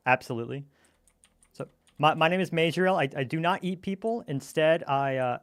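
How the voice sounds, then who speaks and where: A man in casual gaming chat, playful and teasing as he tells a silly story to his friends. His voice sits somewhat high. The recording is close and dry, with no room around it. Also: sing-song, a little slow, pauses often, a bit bright, no echo. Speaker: gamer telling a campfire story.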